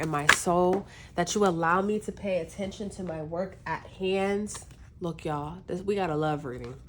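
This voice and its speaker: A woman's voice: on the low side, slight background noise. A woman from the northern US East Coast giving a chatty, loose tarot reading to her viewers, full of fillers and asides. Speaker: tarot reader.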